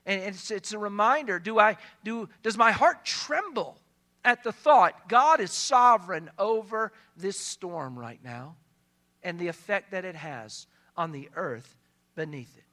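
Delivering a sermon a little slowly, a male pastor uses a high, bright, ringing voice full of animation. He preaches emphatically, swinging from hushed stretches to loud, stressed lines.

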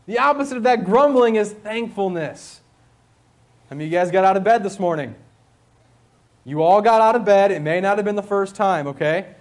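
A man's voice: high voice, lively intonation, normal speed. A man preaching a sermon to students at a school, conversational, with rhetorical questions and repeated phrases. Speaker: school chapel speaker.

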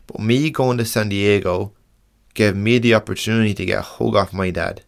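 Young irish guy podcasting, lowish voice, earnest, stop-start, swears a bit. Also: fairly even intonation, gravelly. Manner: earnest and frank, halting with restarts and swearing. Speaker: podcast host. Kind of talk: casual podcast monologue.

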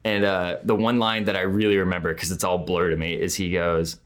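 A young man guesting on a podcast tells a rambling, casual story packed with "uh" and "like," laughing often. His voice sits low, and he talks briskly in a flat delivery.

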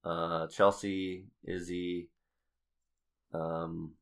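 Man, very low voice, podcast host, casual chat, halting restarts, many fillers. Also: flat delivery.

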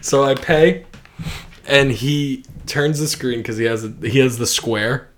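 A man's voice: mid-range voice, measured pace. A young man telling a story with lots of laughs on a casual podcast. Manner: animated, laughs often, lots of "like" and "dude". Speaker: podcast co-host.

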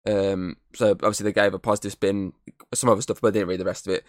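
A man's voice: on the low side, little pitch movement, fast talker, no echo. Man, podcast co-host, casual chat, rambling, sweary, dry close sound. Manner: rambling, swears freely, many fillers.

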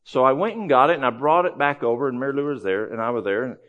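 A man's voice: medium pitch, quick pace, narrow, tinny audio. A man giving a conversational, folksy talk to a live audience, telling a story with frequent restarts. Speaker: health ministry speaker.

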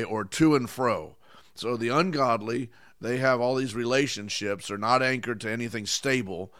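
A man's voice: mid-range voice, normal speed, fairly bright tone, no echo, studio quality. A middle-aged man, preaching a sermon with emphatic repetition and call-outs to the congregation.

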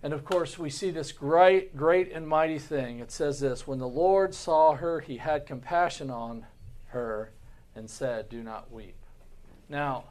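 Earnest pastor teaching a Bible class. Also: male voice, on the high side, a little slow, darkish tone. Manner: earnest, repeats words, asks the class rhetorical questions. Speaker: pastor teaching Sunday school.

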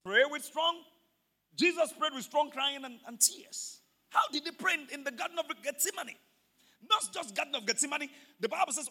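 Fiery high-voiced preacher man. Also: lively intonation, a little fast. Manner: fervent, often shouting, exhorting the congregation. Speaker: pastor. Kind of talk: sermon with call-and-response. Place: church service.

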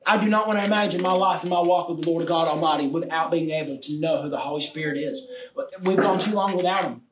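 A man preaching a sermon with passion, swinging from shouts down to near-whispers. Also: fairly high pitch, quick pace. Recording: echoey room, distant mic, faint noise.

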